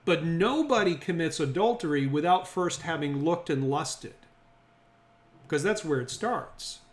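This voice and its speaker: A man's voice: on the high side, animated, a little slow. A man teaching a Bible study group, reasoning through the text aloud and often checking that the group is following. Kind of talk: interactive Bible lesson. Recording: echoey room.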